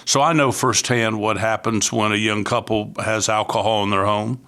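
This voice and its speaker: A man's voice: on the low side, steady tone, moderate pace, a bit bright. An older man from Florida, a youth ministry leader, giving an earnest, conversational testimony as a podcast guest and acting out the voices he quotes.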